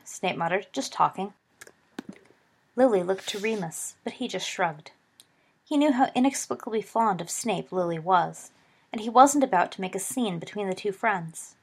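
A woman narrating a story aloud in a steady audiobook reading, giving the characters voices. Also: medium pitch, creaky, husky.

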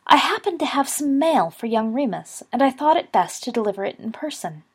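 A woman voicing an elderly, calm male wizard headmaster who speaks in a courtly, gently assured way. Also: high voice, fairly quick, slightly rough, voice pushed up, full character voice.

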